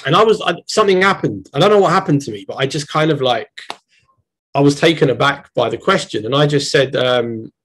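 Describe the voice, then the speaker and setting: A young man with a London accent, a poet giving a reading and talking between poems in a measured, reflective way. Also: mid-range voice, lively intonation, a bit bright, slightly rough, poor audio. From Britain. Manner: measured, reflective, hesitant asides. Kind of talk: poetry reading with spoken asides.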